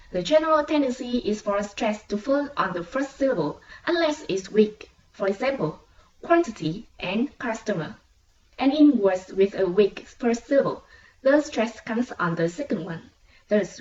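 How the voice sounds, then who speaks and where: A young woman from Vietnam, a student, giving a clear, even, instructive class presentation. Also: medium pitch. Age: young adult. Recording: dull, roomy, distant mic.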